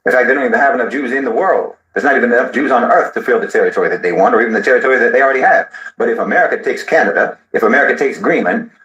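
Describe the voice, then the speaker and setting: A man delivers a sardonic political monologue at a fast clip, lecturing as he goes. His voice sits at a middle pitch and echoes around the room he is in. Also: animated, fairly bright tone. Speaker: political commentator. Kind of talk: commentary monologue.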